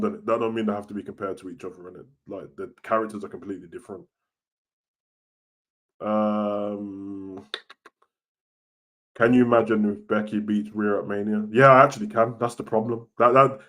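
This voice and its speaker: A young man, chatting casually about wrestling on a live stream, slangy and animated, getting loud and then dropping soft. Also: fairly low pitch. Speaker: wrestling show host. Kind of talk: live-stream chat reading comments.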